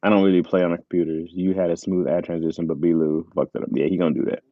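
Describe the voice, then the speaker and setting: A man's voice: deep voice, level tone, fast, no echo, muffled recording. A man hosting a casual livestream, reading chat aloud and laughing often, talking into a tablet mic. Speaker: livestream host. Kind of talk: casual live chat with viewers. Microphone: tablet mic with earbuds.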